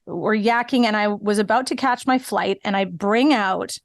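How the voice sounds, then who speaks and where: A woman's voice: medium pitch, normal speed, no room sound, clean studio sound. A woman co-hosting a podcast in casual chat, bubbly and teasing, swearing freely. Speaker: podcast co-host.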